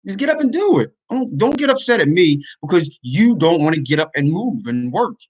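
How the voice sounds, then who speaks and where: A man's voice: a little high, very animated, brisk, highs cut off. A man talking earnestly to his online community in a casual livestream, venting his frustrations. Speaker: YouTuber and podcaster.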